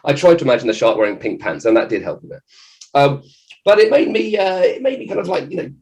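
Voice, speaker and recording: A man, a children's author, giving a lively, jokey talk to children at an event. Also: on the high side, quick pace, gravelly, rough recording. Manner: animated, jokey, acts out scared voices.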